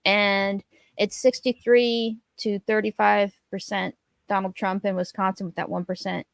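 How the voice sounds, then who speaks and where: A woman on a livestream panel giving animated, casual commentary on the election results. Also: medium pitch, unhurried, creaky, dry recording.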